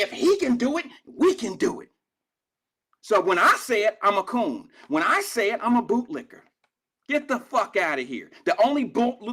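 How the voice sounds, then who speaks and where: On his live call-in show, the middle-aged host from Cincinnati, USA, fires back at critics in a profane, confrontational rant. His voice is high with a fairly bright tone.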